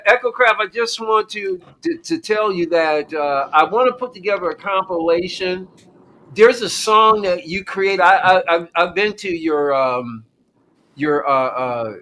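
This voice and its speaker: A man's voice: fairly high pitch, pushed and bright, poor audio. A man speaking as a first-time guest on a live stream, hesitant and stumbling over his words. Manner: hesitant, stumbling eager fan. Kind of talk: casual live-stream chat.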